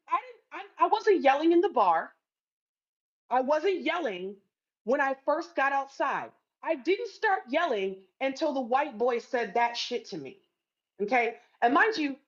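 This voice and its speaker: A woman telling a story to camera in a blunt, profane, emphatic way. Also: high voice. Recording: dull lo-fi sound.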